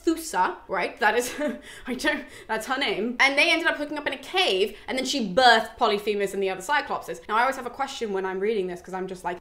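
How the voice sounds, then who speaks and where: A woman casually retelling a classic story, chatty and animated, full of asides and fillers, sometimes acting out the characters' lines. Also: fairly high pitch, brisk. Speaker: literature discussion host.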